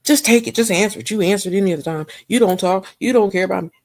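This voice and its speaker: A woman's voice: mid-range voice, fast talker, a little mellow, dry recording, voice pushed up, close to an everyday voice. A woman voicing a hurt, angry wife who rattles off accusations at her husband. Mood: accusing.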